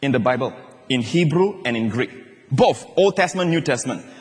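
A middle-aged man preaching a lively, humorous sermon as a pastor. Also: mid-range voice, fairly quick, husky, long reverb tail. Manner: animated, humorous preaching with laughter.

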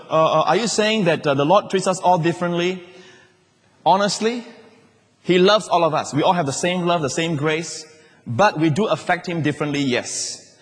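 A man preaching a sermon as pastor, swinging from excited emphasis down to soft, low asides. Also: long reverb tail.

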